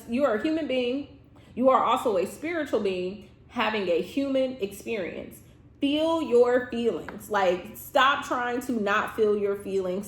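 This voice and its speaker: A woman's voice: on the high side, reverberant. A woman who is a tarot reader and therapist, giving a casual reading to camera in an emphatic, repetitive, reassuring way and laughing often.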